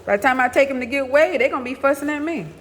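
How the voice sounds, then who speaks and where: High-pitched, unhurried woman doing a casual live chat while fussing over her dog on a phone, with a roomy echo. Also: fairly bright tone. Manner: chatty, coos and fusses at her dog. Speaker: vlogger talking to her dog on a livestream. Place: outdoors in a yard. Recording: echoey with long reverb, faint noise.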